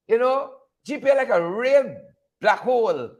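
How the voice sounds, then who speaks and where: A man's voice: very high voice, sing-song, a little fast, fairly bright tone. A Guyanese man hosting a live stream, ranting with sarcastic, preachy fire while greeting viewers. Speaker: livestream host. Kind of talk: live-stream commentary and rant.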